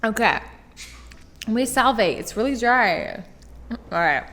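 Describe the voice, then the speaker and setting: A woman's voice: a little high, animated, normal speed, a bit bright. A young woman telling a story in a chatty way, full of "like" and giggly asides, as an interviewee. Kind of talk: casual storytelling. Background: music.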